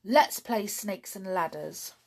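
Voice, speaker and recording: Woman putting on a sulky cheating boy, indignant, near tears, storybook reading, gravelly. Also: mid-range voice, takes it slowly, full character voice.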